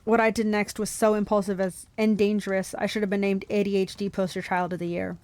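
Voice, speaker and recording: A young woman reading a novel aloud for a book club, lively, with laughs and asides. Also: mid-range voice, a little fast.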